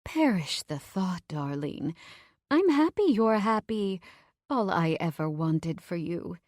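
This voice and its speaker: A woman's voice: on the low side, big pitch swings, slow pace, a little mellow, no echo, clean studio sound. A woman reading a fond, theatrical mother. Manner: fond, dramatic, endearments like darling. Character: doting theatrical middle-aged mother. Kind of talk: audiobook dialogue.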